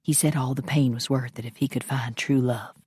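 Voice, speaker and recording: A woman voicing a friend who confides in a hushed, earnest way, in an audiobook. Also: a bass voice, steady tone, brisk, husky, voice pushed down, exaggerated voice. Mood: confiding.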